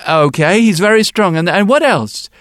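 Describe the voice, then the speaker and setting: A man doing a gentle, fumbling old-world sculptor. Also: sits high, lively intonation, no room sound, studio quality, pitched above the performer's own voice. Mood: puzzled. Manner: gentle, halting with ums and restarts. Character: kindly, hesitant middle-aged male sculptor. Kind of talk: storytelling.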